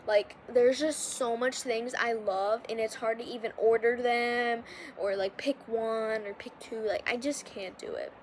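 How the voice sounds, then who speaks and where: A woman's voice: on the high side, fairly even intonation, a little slow, slight background noise. A young woman hosting a podcast, talking casually and rambling with lots of filler words and restarts. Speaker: podcast host. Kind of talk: casual confessional monologue.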